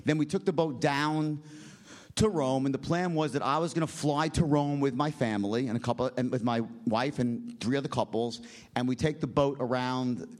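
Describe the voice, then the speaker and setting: A middle-aged man tells a long story in loose, rambling fashion at a mid-range pitch. He swears freely, keeps checking in with a quick "right?", and gets animated, his voice leaping up whenever he quotes someone. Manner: animated, jumps in pitch when quoting people. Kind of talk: casual spoken anecdote.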